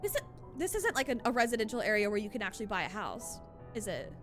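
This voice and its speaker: A woman streaming a video game, chatting casually with giggles and animated reactions. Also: mid-range voice, quick pace, faint music behind.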